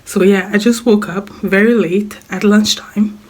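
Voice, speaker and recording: Hoarse, coughing young woman. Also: mid-range voice, steady tone, a little slow, darkish tone. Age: young adult. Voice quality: raspy, smoker-like voice. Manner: rambling, repeats words, apologizes. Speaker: vlogger. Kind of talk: casual life-update vlog.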